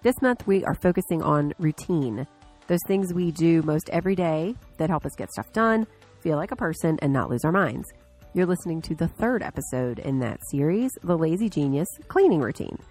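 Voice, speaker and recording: A woman's voice: deep voice, lively intonation, moderate pace, a little mellow, soft background music. A woman hosting her podcast alone, sounding stuffed up from a cold, chatty with fillers and restarts. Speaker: podcast host. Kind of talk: casual solo podcast talk.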